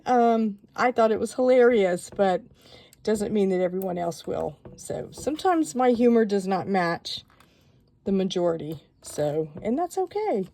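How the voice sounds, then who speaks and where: A woman calmly walking viewers through a stamping craft project step by step, chatty and given to rambling asides. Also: on the high side.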